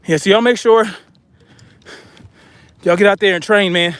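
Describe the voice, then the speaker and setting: A man with a high voice talks to his viewers outdoors as he hikes uphill with a weighted pack. He sounds out of breath and is blunt and chatty, calling them y'all. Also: a little slow, a bit bright, clear, resonant tone. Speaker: vlogger. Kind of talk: casual monologue while hiking. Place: outdoors on a hiking trail.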